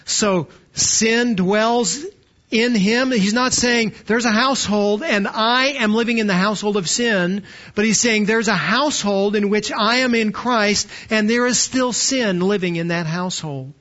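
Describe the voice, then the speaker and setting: A man's voice: high voice, measured pace, a bit bright. A middle-aged man preaching a sermon in church, emphatic and repeating words as he presses his points. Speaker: pastor. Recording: dull lo-fi sermon recording.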